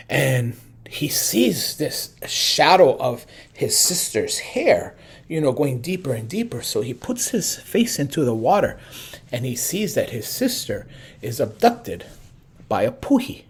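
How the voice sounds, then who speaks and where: A man telling a folk tale as storyteller and teacher, unhurried and conversational. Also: fairly high pitch, slightly rough. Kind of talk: musical folk storytelling with ukulele. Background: soft ukulele.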